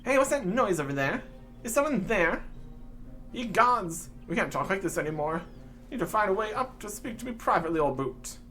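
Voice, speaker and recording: A man's voice: high voice, big pitch swings, normal speed, pushed and bright, soft background music, pitched above the performer's own voice, exaggerated voice. Man as a pompous bearded old dwarf, plummy old-fashioned posh diction, sing-song delivery. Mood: fussy.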